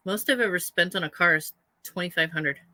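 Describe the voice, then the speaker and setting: A woman's voice: on the low side, a little fast, sharp tone. A woman guest in a casual chat, telling stories bluntly and emphatically and laughing through them.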